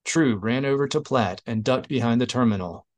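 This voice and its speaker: A man narrating an audiobook in a steady, even reading voice. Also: medium pitch, normal speed. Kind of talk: scripted narration.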